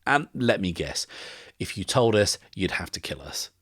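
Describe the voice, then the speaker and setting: A man's voice: deep voice, big pitch swings, moderate pace, fairly bright tone, slightly rough, no echo, studio quality, exaggerated voice. A man voicing a blunt, sarcastic young woman traveler.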